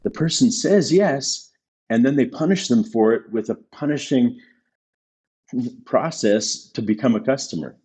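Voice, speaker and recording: Appearing as a guest on a podcast, a male business consultant speaks in a medium-pitched, husky, warm voice that is animated yet measured in pace. In this casual interview he makes his points emphatically, repeating them for stress.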